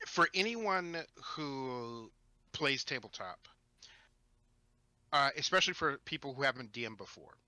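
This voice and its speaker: A man telling a story from his tabletop game as a podcast guest, animated and rambling with restarts. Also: mid-range voice, measured pace, long pauses, no echo. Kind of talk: casual storytelling chat.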